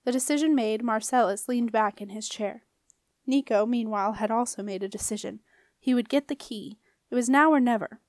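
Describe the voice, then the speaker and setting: Woman, audiobook narrator, fairly high voice, dry close recording, expressive storytelling. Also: fairly quick, no room sound. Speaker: audiobook reader.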